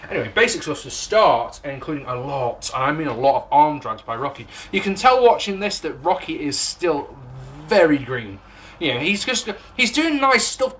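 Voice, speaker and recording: A man's voice: a little high, fairly bright tone, slight background noise. A man with an English accent, recapping and reviewing a wrestling show in a rambling, sarcastic way, swearing and laughing at his own jokes. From England. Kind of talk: casual recap and commentary.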